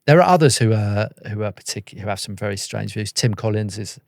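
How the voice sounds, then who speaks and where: Fast-talking gravelly man, podcast guest. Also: lowish voice, dry recording, studio quality. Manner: animated storytelling, acting out quoted voices. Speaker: guest, former soldier and journalist. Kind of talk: conversational podcast interview.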